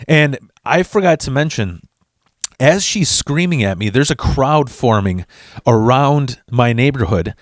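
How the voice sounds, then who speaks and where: A man hosting a vlog, telling a comedic story in an animated, profane, fast-talking way. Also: medium pitch, no echo, studio quality. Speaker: vlog host.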